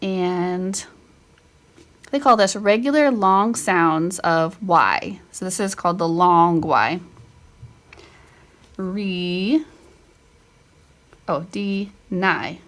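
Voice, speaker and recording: A middle-aged homeschool teacher walks through a casual spelling lesson, thinking aloud, correcting herself, and dropping chatty asides. Her voice is lowish and a bit bright, with drawn-out words and long pauses.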